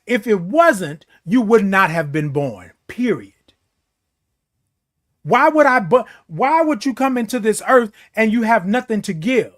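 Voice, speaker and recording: A man's voice: sits high, very animated, unhurried, a bit bright. A man hosting a motivational morning talk, preaching self-worth with repetition and playful beeping sounds. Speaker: host. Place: seated in a chair.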